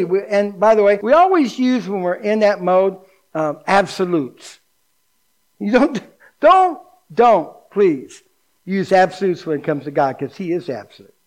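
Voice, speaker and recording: A middle-aged man preaching as a pastor, animated and folksy, dropping to a hushed low voice for emphasis. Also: a little slow. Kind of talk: sermon.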